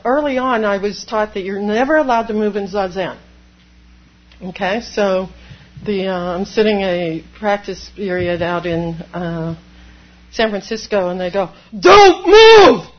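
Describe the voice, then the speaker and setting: A woman Zen priest giving a dharma talk, animated, laughing often and acting out inner voices. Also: mid-range voice, muffled recording.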